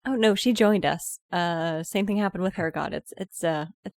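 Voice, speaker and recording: A woman's voice: fairly low pitch, normal speed, dry recording, clean studio sound. A woman playing a tabletop game, chatting casually and giggling now and then. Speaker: player.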